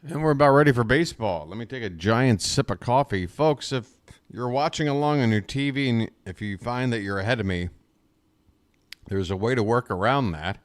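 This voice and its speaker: A man's voice: mid-range voice, normal speed, dry recording. A man calling a baseball game as a fan streamer, chatty and self-deprecating, talking straight to his chat on a close desk microphone. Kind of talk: live fan play-by-play commentary.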